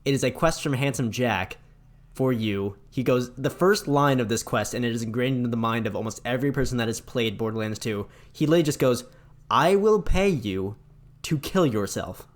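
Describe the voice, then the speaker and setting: Animated man retelling game scenes. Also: medium pitch, a little fast. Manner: animated retelling, acts out villain lines with mocking voices. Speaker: podcast co-host. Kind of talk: casual chat about video games.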